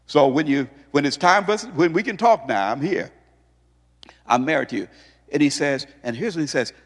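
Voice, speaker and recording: A male pastor preaching an emphatic sermon, firing off rhetorical questions as his voice swings high and low. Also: lively intonation, normal speed. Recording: long hall reverb.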